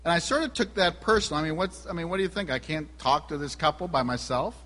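A man with a slightly high voice delivers a sermon, telling a story from his own life. He keeps turning to the congregation with questions. His voice rings with long reverb in a church hall. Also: fast, sharp tone. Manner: asks the audience questions. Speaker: pastor.

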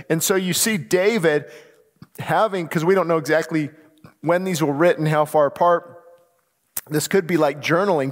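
A man's voice: on the high side, in a large hall. A middle-aged man preaching a sermon as a pastor, earnest and full of restarts, voicing crying-out prayers.

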